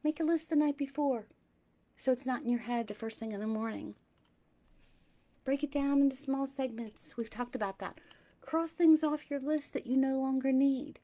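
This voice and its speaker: A middle-aged woman hosting a spiritual talk, speaking gently and sometimes dropping into a soft whisper. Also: high-pitched. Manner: slow, gentle, drops into soft whispers at times.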